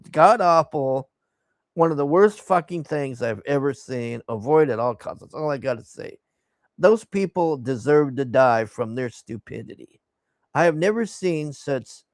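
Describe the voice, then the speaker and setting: A man's voice: medium pitch, creaky, dry recording, studio quality. A man giving a profane, exasperated recap of a movie he hated, scornful of its plot. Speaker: movie reviewer. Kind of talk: casual ranting movie recap.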